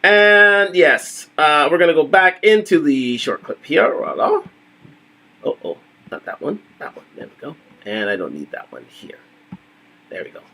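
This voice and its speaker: A man hosting a casual live talk stream, animated and repetitive, laughing often. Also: a little high, normal speed.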